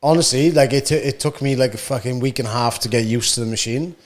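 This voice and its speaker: A man's voice: medium pitch, fast. A young man co-hosting a podcast, rambling with fillers and frequent swearing in casual chat. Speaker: podcast co-host.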